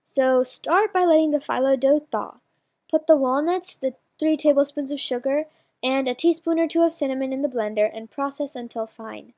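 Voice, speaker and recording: High-voiced woman reading a magazine aloud. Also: moderate pace, warm tone. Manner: casual, with fillers and self-corrections. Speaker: magazine presenter.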